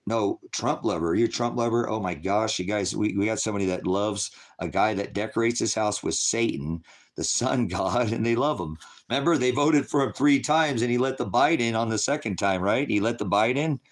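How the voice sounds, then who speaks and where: A man's voice: lowish voice, normal speed. A man hosting a casual livestream, rambling in a conspiratorial way, laughing often and answering viewers in chat. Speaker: livestream host.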